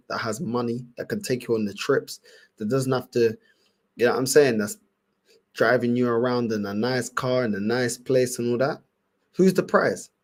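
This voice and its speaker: A young Englishman with a London accent hosts a livestream, reacting to clips in loose, slang-heavy chat. He's animated and laughs a lot, looping back to the same phrases, and his voice sits at an ordinary pitch for a man.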